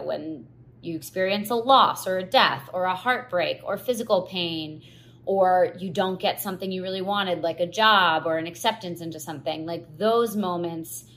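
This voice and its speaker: A woman's voice: on the low side, fairly bright tone. A woman hosting her own podcast in a casual, chatty solo talk, full of "like" and restarts, getting teary as she tells it. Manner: chatty, filler-heavy, gets teary and laughs at herself. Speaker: podcast host.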